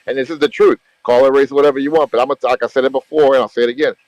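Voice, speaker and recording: Brief: man, mid pitch, casual chat host, rambling and emphatic, swears a lot, dry close sound. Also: steady tone, racing, darkish tone, dry recording, low-quality recording. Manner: emphatic, rambling, repeats himself, swears freely. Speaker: gaming channel host. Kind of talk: casual group voice chat about a mobile strategy game.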